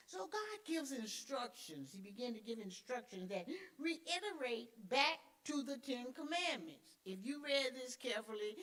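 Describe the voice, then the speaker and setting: Woman Sunday school teacher, middle-aged, fairly high voice, emphatic and chatty. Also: fairly bright tone. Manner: emphatic, repeats key words; conversational with call-and-response fillers. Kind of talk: church teaching.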